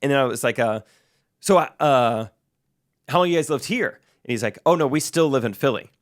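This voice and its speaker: Animated young man telling a story. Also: moderate pace. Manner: animated, acts out quoted voices in a higher pitch. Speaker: podcast co-host. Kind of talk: casual storytelling.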